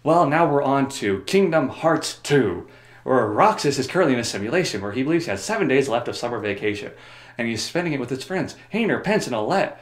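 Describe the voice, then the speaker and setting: A man's voice: mid-range voice, big pitch swings, a little fast, echoey room. A man summarizing a video game story for comedy, rambling with joking, sarcastic asides. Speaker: video host.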